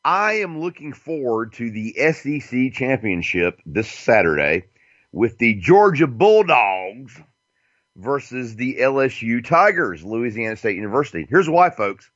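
Man, radio show host, slow rambling talk, lively swinging pitch, dull lo-fi sound. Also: dry recording. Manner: rambling and profane, with frequent fillers and chuckles.

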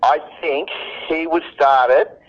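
A man's voice: on the high side, fairly even intonation, slow. A man in casual chat, blunt, profane and emphatic. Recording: dull lo-fi recording.

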